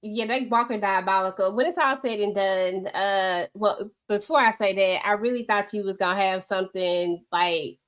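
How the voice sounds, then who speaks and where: A woman in casual chat recapping a TV episode, candid and rambling, with slang. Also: mid-range voice. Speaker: show recap host.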